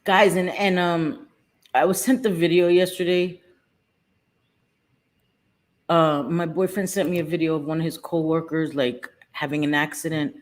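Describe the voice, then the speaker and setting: A woman's voice: deep voice, fairly even intonation, measured pace, long pauses. A middle-aged woman hosting a casual livestream from her home, talking to viewers by name and cursing freely. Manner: chatty, swears freely, talks to viewers by name. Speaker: livestream host.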